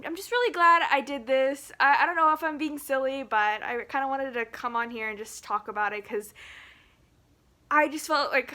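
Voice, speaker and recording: Woman vlogger, slightly high voice; halting, rambling phone-camera talk, emotional and close to tears. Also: sharp tone. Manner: rambling and halting, with frequent restarts and nervous laughs.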